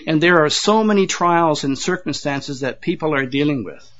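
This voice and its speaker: A man's voice: a little high, moderate pace, fairly bright tone. Folksy older male preacher, lo-fi sound. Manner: folksy, chuckling asides, repeats words. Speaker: pastor. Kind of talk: sermon. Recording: dull lo-fi sound.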